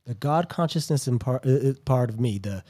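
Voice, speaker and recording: A man co-hosting a recovery podcast, speaking in a slow, earnest, reflective way. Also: medium pitch, lively intonation, darkish tone. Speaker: podcast co-host. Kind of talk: reflective talk.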